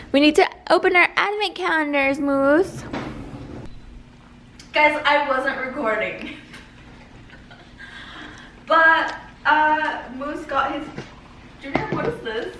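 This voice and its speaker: A woman's voice: high voice, lively intonation, takes it slowly, long pauses, background noise. A young adult woman chatting casually to camera in a daily vlog, often cooing at her cat. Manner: chatty, talks baby-talk to her cat. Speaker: vlogger.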